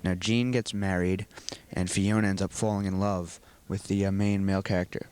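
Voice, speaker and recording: In a school video interview, a teenage student actor speaks at a moderate pace in a low, level voice that's darkish, clear, and resonant. He explains things earnestly and at length, tending to ramble.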